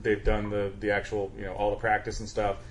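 A man hosting a casual podcast, quick and agreeable, often backing up his co-host with short replies. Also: on the low side, monotone, slight background noise. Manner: quick, agreeable, lots of yeahs. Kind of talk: casual chat, segment hosting.

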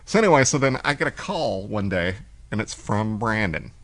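Low-voiced man telling a story. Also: moderate pace. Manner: animated storyteller, acts out quoted voices. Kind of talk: casual storytelling chat. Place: cigar shop.

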